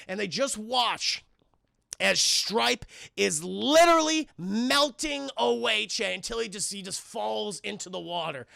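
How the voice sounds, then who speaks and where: A young man streaming a casual, profane spoiler recap, talking excitedly to his chat. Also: high voice, measured pace, gravelly, dry recording, studio quality. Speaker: streamer and film reviewer.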